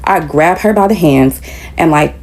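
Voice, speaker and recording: A woman's voice: deep voice, a little slow, darkish tone. A woman telling a story in a casual storytime style, retelling it with animation and acting out the quoted dialogue.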